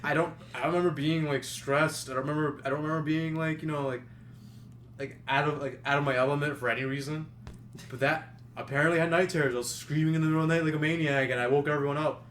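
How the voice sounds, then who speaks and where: Young male podcast host, slightly high voice, rambling casual storytelling, faint hiss behind. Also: fairly even intonation, fast talker, fairly bright tone. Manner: rambling, many fillers and restarts. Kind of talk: casual storytelling among friends.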